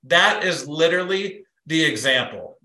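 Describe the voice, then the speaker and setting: A man's voice: fairly high pitch, normal speed, reverberant, rough recording. A middle-aged man giving a motivational business talk as guest speaker, telling stories and acting out the quotes in them. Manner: animated storyteller, acts out quotes.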